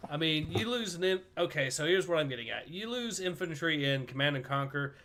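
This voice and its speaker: A man co-hosts a relaxed livestream, reading viewer comments aloud. His voice is bright and slightly raised in pitch. He sounds easygoing and conversational. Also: brisk, slight background noise. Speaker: livestream co-host. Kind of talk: casual chat.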